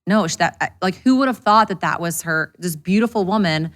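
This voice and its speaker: Fast-talking candid businesswoman. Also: fairly low pitch, expressive. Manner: fast, candid, swears freely. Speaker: interview guest, business owner. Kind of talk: casual interview chat.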